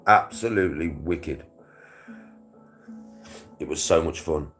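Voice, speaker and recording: A young vlogger speaking British English chats with viewers on a livestream, full of slang, swearing and frequent laughs. His rumbling low voice is expressive, creaky and fairly quick. Soft background music accompanies him.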